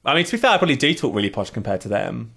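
A man's voice: mid-range voice, creaky. A young man from East London co-hosting a podcast, joking and laughing his way through a casual chat. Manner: lively and laughing, quick to joke. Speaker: podcast co-host.

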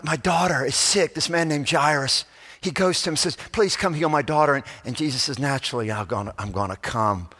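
Pastor guy preaching, swings loud to hushed, long church reverb. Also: medium pitch. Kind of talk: sermon.

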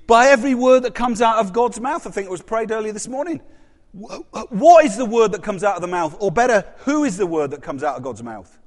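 A high-pitched man preaching in a church hall, swinging between loud emphatic rises and quiet drops. He keeps asking his listeners questions. His voice rings out with a long reverb tail. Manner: animated, rises and drops sharply, rhetorical questions. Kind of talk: sermon.

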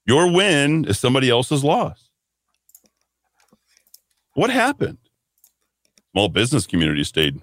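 Combative talk radio host, lively delivery. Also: male voice, mid-range voice, unhurried, long pauses, no echo. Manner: combative, blunt ranting. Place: radio studio. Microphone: studio microphone.

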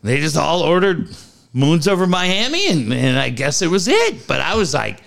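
A man's voice: fairly high pitch, moderate pace, creaky. A middle-aged man with a Southern Californian accent, co-hosting a studio podcast and telling a story, acting out the voices of the people in it. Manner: animated, acts out quoted voices. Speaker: podcast co-host. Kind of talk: storytelling casual chat.

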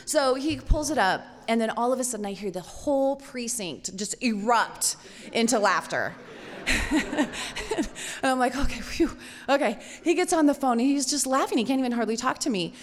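A woman telling a story live on stage in an animated, playful, laughing manner. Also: fairly high pitch, moderate pace, long reverb tail.

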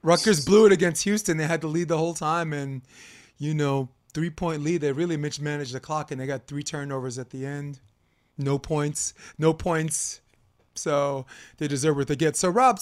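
A young man co-hosting a casual sports debate podcast, energetic and hyped, talking fast over the games. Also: fairly high pitch. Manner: energetic, hyped, chanting and laughing. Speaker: podcast co-host.

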